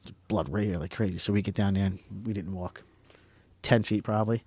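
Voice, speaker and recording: A middle-aged man from Pennsylvania, a podcast guest telling a story in casual, rambling, excitable talk that stumbles over repeated words. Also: on the low side, fairly quick, slightly rough, no room sound.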